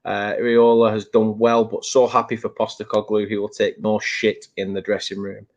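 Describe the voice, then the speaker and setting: With a Northern English accent and a low-ish voice that barely moves in pitch, a show host talks at normal speed over lo-fi sound. He runs a casual football prediction chat full of jokes, banter, and frequent laughter.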